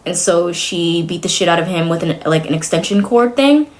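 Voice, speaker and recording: A woman's voice: fairly low pitch, animated, moderate pace. Rambling young woman streamer. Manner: rambling, heavy "like" fillers, nervous laughs. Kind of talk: casual stream chat.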